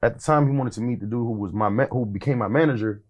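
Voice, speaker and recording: A man's voice: medium pitch, fast, dull audio. A man who is a rap artist, telling stories in a casual interview in a laid-back, rambling way, full of fillers and acted-out quotes.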